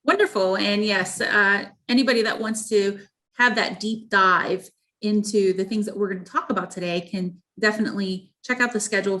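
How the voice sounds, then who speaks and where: A woman's voice: mid-range voice, a bit bright. Woman parent asking interview questions. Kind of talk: conversational interview.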